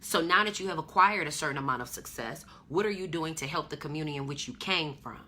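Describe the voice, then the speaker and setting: A woman's voice: sits low, quick pace, sharp tone. A woman hosting her own podcast, preaching emphatically in slangy casual talk. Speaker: podcast host. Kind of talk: casual motivational monologue.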